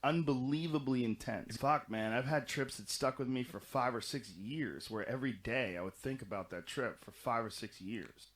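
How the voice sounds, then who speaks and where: A middle-aged man in casual podcast conversation, telling long, animated stories full of swearing and restarts. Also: medium pitch, moderate pace, hardly any pauses. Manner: animated, profane, rambling storytelling. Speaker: podcast guest recounting experiences.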